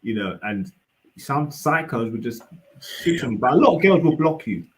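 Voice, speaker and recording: A man's voice: mid-range voice, big pitch swings, normal speed, darkish tone, a little hiss or hum, low-quality recording. A young man on a livestream panel, rambling and hesitant, full of restarts and fillers. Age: young adult. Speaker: panel guest. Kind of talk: casual debate.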